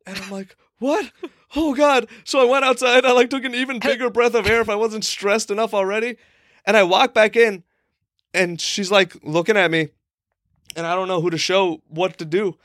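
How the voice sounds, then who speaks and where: A man's voice: high-pitched, steady tone, a little fast, fairly bright tone, no room sound, clean studio sound. A young man telling a long, rambling comic story on a podcast, full of "like" and acted-out quotes. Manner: rambling, lots of "like", acts out quoted people. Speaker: podcast co-host. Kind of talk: casual comedic storytelling.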